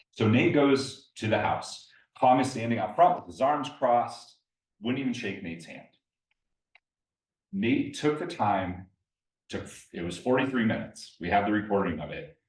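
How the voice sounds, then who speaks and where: A man with a lowish, animated voice speaks at a measured pace to a live audience in a meeting room at an investor meetup. He tells stories and puts questions directly to listeners, recorded in an echoey room with a distant mic.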